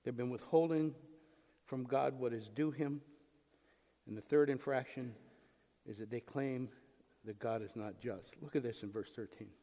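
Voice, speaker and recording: A man's voice: medium pitch, normal speed, pauses often, dark tone. A man preaching a sermon as pastor, emphatic, asking rhetorical questions and acting out the voices in the text. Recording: long reverb in a large hall.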